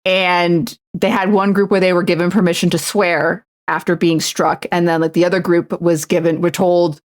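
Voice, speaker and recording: A woman's voice: lowish voice, level tone, moderate pace. A woman streamer chatting casually while she crafts, rambling with lots of "like" and swearing freely.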